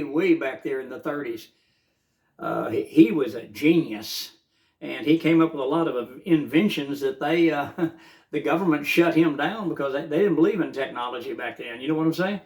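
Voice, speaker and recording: A man's voice: fairly high pitch, moderate pace, a little mellow. An older man, rambling fervently in a casual morning monologue, with many filler uhs. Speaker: vlogger.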